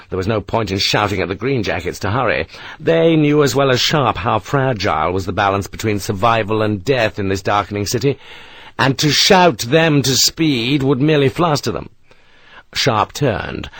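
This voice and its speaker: A man narrating a war novel as an audiobook, telling the battle with tense, vivid delivery. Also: medium pitch.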